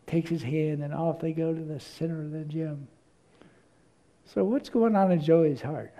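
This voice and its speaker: Gravelly, mellow-voiced male preacher. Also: a little high, a little slow. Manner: storytelling, repeats words when searching. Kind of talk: sermon.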